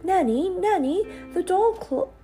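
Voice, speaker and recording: Brief: little girl, very high and urgent, voiced by a woman, storybook. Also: lively intonation, measured pace, warm tone, faint music behind. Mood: alarmed. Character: small excited girl child.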